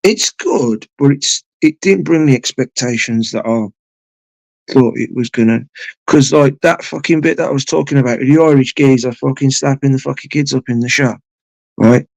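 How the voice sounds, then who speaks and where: A man's voice: mid-range voice, normal speed, vocal fry, darkish tone, no room sound, poor audio. A man hosting a late-night live stream from home, chatting to viewers in a rambling, sweary way. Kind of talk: casual chat with viewers.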